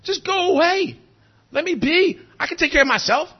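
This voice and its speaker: A man's voice: very high-pitched, expressive, normal speed, voice pushed up. A man voicing a stubborn, defiant sheep that pushes away any help. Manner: petulant, pushy. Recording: dull lo-fi recording.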